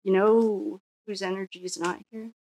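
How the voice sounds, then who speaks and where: A woman's voice: medium pitch, steady tone, normal speed, mellow, no room sound. A woman doing a casual solo tarot reading, musing and thinking aloud with frequent restarts. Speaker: psychic tarot reader.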